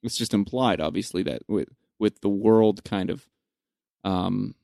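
Gravelly man chatting about a film. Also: on the low side, a little slow, no room sound, studio quality. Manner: animated retelling, swearing, laughing. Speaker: podcast co-host. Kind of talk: casual film discussion.

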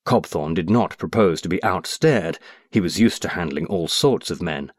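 Reading an audiobook, a man with a very deep voice delivers the text expressively and at a measured pace, his pitch rising and falling lively across each sentence. The sound is close-miked and dry.

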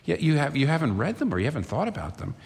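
A man's voice: a little high, big pitch swings, quick pace. A man preaching a sermon as pastor, earnest and building to emphatic peaks. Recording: long reverb of a church hall.

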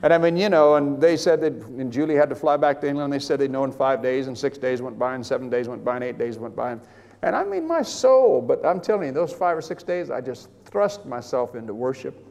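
A man's voice: medium pitch, quick pace. Older male preacher in a reverberant hall. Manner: storytelling, animated, rambling with restarts. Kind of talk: sermon testimony.

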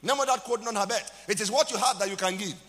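A man's voice: high voice, rapid-fire, a bit bright, long reverb tail. A man with a Nigerian accent, a pastor preaching a sermon with dramatic emphasis and calls out to the congregation.

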